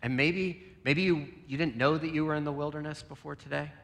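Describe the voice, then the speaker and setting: A man preaching a sermon and leading a closing prayer, earnest, moving between loud emphasis and a soft near-whisper. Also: fairly high pitch, steady tone, a little fast. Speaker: pastor. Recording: long reverb, soft guitar behind.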